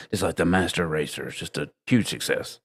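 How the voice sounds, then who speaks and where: A man's voice: low-pitched, slightly rough, no echo, studio quality. A man hosting a live call-in show, reading out donor messages and answering them with mocking, sarcastic remarks.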